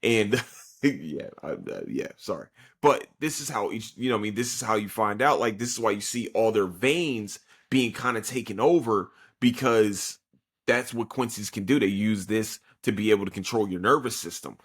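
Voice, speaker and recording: A young man hosting a podcast, casually recapping an anime episode in an excitable, profane way with lots of fillers. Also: fairly low pitch, normal speed, breathy edge. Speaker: podcast host.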